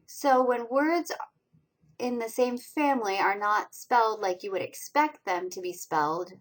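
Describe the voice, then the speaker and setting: Woman, college reading instructor, slide lecture, slow, deliberate enunciation, friendly explaining. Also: mid-range voice, poor audio. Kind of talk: recorded lecture over slides.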